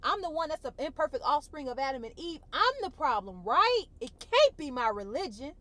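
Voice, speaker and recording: Her voice high and her pace brisk, a woman vlogger gets emotional recounting her own experience, holding back tears. She speaks in an informal, expressive style and repeats phrases for emphasis.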